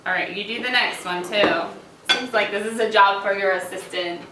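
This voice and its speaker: A woman's voice: medium pitch, moderate pace, background noise. A woman hosting a casual cooking demonstration in a kitchen, upbeat, giggly and chatty. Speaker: cooking show host. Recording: echoey room, mic at a distance.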